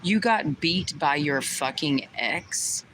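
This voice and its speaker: A woman's voice: low-pitched, lively intonation, slow pace, rough recording. A young woman talking to her chat on a livestream, indignant and profane, firing the same rhetorical questions again and again. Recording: loud vehicle noise behind.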